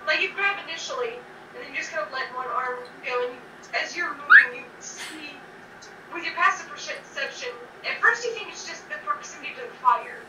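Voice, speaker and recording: High-voiced woman game master, echoey. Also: expressive, a little fast. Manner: loose, hesitant narration with restarts. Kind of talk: narrating a tabletop game. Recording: echoey room, far from mic, background noise.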